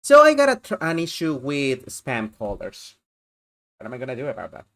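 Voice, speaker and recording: A woman's voice: very deep voice, huge pitch swings, moderate pace, a bit bright. A woman streamer giving casual, chatty playthrough commentary, talking to herself and to chat.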